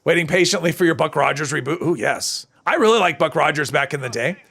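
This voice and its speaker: A man's voice: fairly high pitch, animated, fast talker, creaky, a bit bright, breathy edge. A man chatting casually on a live stream while he plays a game, reading chat and answering it, his voice strained and tired.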